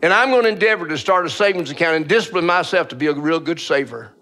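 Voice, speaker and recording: A man's voice: on the high side, expressive, quick pace, pushed and bright, faint music behind. A male pastor preaching a sermon in a church, telling a story with lots of stammered, repeated starts.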